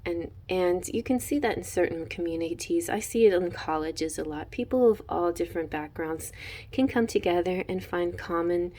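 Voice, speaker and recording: A woman's voice: fairly low pitch, moderate pace, mellow. A woman giving a casual tarot reading, gushing and emotional, laughing often and trailing off into fillers and restarts. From Houston, Texas. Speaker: tarot reader.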